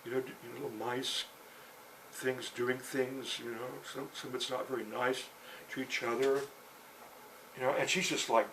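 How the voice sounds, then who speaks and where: An older man telling a long story out loud, halting, with many fillers and restarts. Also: medium pitch, level tone, background noise. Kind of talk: rambling spoken storytelling.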